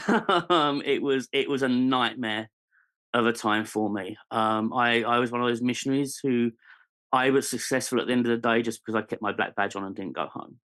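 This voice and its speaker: An English man in his forties speaks as a podcast guest, recounting his own story in a candid, earnest way. His pitch sits in an ordinary middle range for a man. He hesitates often, restarting sentences and filling gaps with ums as he searches for words. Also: moderate pace, fairly bright tone. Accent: British English. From England. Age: 40s.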